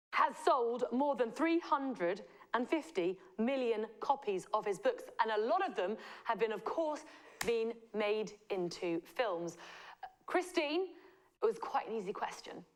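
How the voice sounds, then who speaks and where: A woman from the Southwest of England with a West Country accent, hosting a live quiz show in a playful, teasing way with drawn-out answer reveals. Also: on the high side. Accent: West Country English. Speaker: quiz host.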